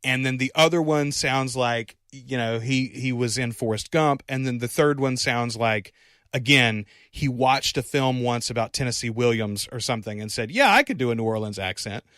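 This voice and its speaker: A man's voice: medium pitch, steady tone, normal speed, fairly bright tone, smooth, no room sound, clean studio sound. A man co-hosting a podcast, chatting casually about a film with many fillers and self-corrections. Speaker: podcast co-host.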